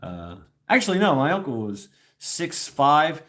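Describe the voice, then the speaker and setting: Guy just rambling casual on a stream, lots of restarts and chuckles, pitch bounces around. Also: very animated, a little slow, a bit bright. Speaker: host. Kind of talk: casual livestream chat.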